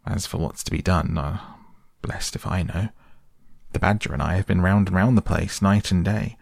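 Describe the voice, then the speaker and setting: A man voicing a grumpy, blunt male mole in a storybook reading, grumbling briskly. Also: low-pitched, vocal fry, no room sound, clean studio sound.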